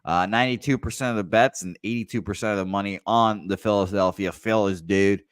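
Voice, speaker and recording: Male host, low voice, dry sound, loose rambling betting chat. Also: steady tone, fairly quick, clean tone, no room sound. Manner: loose, profane, rambling with fillers. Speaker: sports betting show host. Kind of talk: casual sports betting chat.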